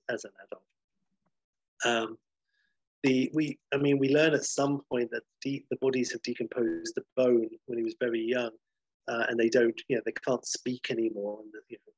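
Husky man telling a story casually. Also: medium pitch, dry recording, muffled recording. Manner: rambling, sweary, lots of fillers and restarts.

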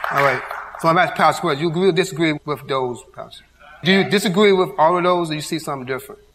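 A man's voice: fairly high pitch, fast talker, heavy background noise. A man giving an interactive church Bible teaching, quizzing his audience with call-and-response questions. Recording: long hall reverb.

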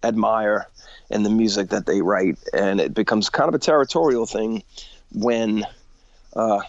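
A man's voice: lowish voice, measured pace, no room sound. Man, singer guest, earnest, frank, muffled lo-fi call, dry. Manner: earnest, frank, stumbling restarts. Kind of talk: casual interview chat.

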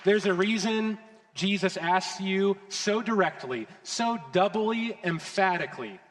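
Male preacher, higher-pitched voice, impassioned sermon, loud and hushed in turns, long hall reverb. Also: measured pace, slight background noise. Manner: impassioned, swinging from loud declarations to hushed intensity.

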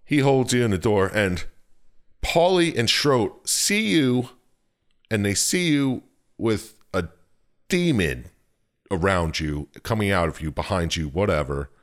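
A young man with a very deep voice tells a video game story in casual chat. He is animated and swears freely, slipping in bits of the characters' voices. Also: a little slow. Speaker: podcast co-host.

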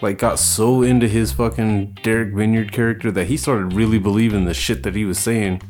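A man's voice: on the low side, fairly even intonation, a little fast, a little mellow, soft background music. Rambling profane man co-host. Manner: rambling, profane, many filler likes. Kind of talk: casual chat.

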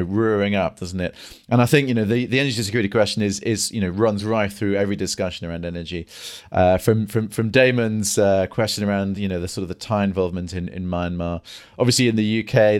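A man hosting an energy podcast, talking casually with lots of restarts and fillers. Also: on the low side. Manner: hesitant, many restarts and fillers. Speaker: podcast host. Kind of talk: casual discussion and solo commentary.

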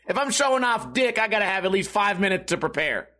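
A man telling a funny, profane story in a casual, animated rant. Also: high-pitched, fast talker, few pauses.

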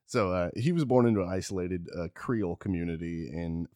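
A man's voice: deep voice, brisk, warm tone, dry recording, studio quality. A man hosting a casual podcast, rambling and joking as he tells a history, stumbling over names. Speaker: podcast host. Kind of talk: casual chat.

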